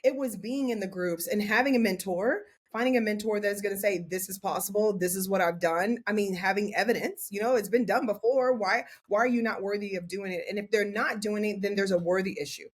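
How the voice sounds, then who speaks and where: Woman in her forties as podcast guest, candid and animated storyteller, mid-pitched voice. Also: brisk, few pauses, slightly rough. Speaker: podcast guest, portrait photographer. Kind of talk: casual interview chat.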